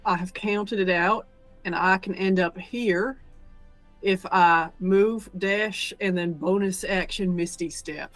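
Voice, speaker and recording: A woman player lays out her character's moves carefully and slowly. She pauses to think as she goes. Faint music sits underneath. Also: on the low side, fairly even intonation, poor audio. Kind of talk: tabletop role-play banter.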